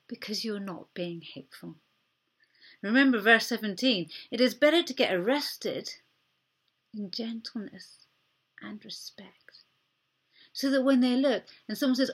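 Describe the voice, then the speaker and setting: A woman preacher giving a sermon in an earnest, gentle way, often dropping to a soft near-whisper for emphasis. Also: a little high, husky.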